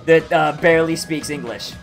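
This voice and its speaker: A man's voice: fairly high pitch, moderate pace, soft background music. A man streaming a game, telling a story in a rambling, swearing, filler-heavy casual chat.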